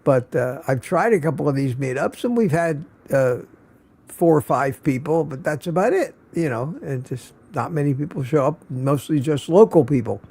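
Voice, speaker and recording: A tired older man hosting a live stream, chatting casually and haltingly with lots of restarts. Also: fairly high pitch, animated, a little mellow, breathy edge. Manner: halting, many restarts and fillers.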